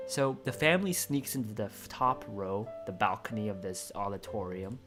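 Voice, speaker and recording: A man reading a screenplay aloud in a casual way, excitable and choked up, often restarting his sentences. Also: lowish voice, normal speed, over music. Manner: excitable, emotional, with frequent restarts. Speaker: screenplay reader and commentator. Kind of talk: casual script read-through with commentary.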